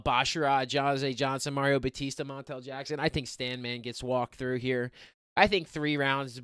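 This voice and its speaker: A young man talking through fight predictions in a loose, rambling way, full of fillers and restarts. His voice is smooth and clear, with a mid-range pitch. The sound is dry and close. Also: a bit bright, dry recording. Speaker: MMA picks podcaster. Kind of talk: casual fight preview and predictions.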